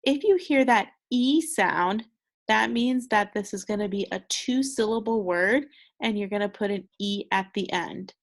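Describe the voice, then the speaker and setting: Slow, gravelly-voiced young woman teacher. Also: mid-range voice. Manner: patient, encouraging, carefully sounding out words. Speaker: second grade teacher. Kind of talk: recorded phonics lesson for children.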